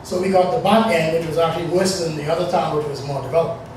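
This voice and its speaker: A man in his forties from the Bahamas tells a personal story in a loose, conversational ramble. His voice sits high. He is captured from a distance in a very echoey room, with a faint hiss underneath. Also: steady tone, fast, a little mellow. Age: 40s. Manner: rambling, conversational, with many fillers.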